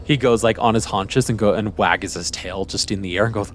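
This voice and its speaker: A man narrating a tabletop game as game master, rambling in a relaxed way. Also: lowish voice, brisk, a little hiss or hum.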